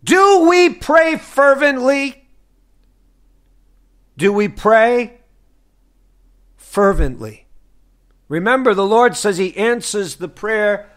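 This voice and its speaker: Fervent slow-preaching man. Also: high voice. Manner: fervent, rhetorical questions to listeners. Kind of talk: sermon. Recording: broadcast sermon.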